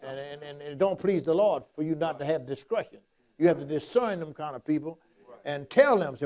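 A man's voice: on the high side, animated, fairly quick, a little mellow. A man preaching a sermon in a folksy, repetitive, emphatic way, quoting Scripture.

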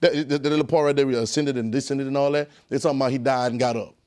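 A man teaching a Bible class in a call-and-response sermon style, emphatic and repetitive, often dropping to a low, quiet voice. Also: fairly even intonation, very fast.

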